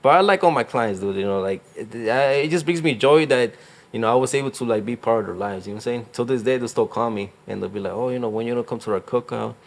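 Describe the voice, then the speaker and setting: A man's voice: medium pitch, fast. A young man, a real estate agent, talking casually in an interview, rambling with lots of fillers and slang. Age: young adult.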